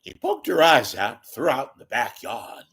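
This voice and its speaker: A man putting on a slow, ominous, deadpan male true-crime TV narrator. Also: mid-range voice, slightly rough, exaggerated voice.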